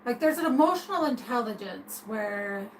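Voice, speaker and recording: Woman, high voice, rambling casual rant, hesitant restarts, faint background hiss. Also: expressive, normal speed, poor audio. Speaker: streamer talking to viewers.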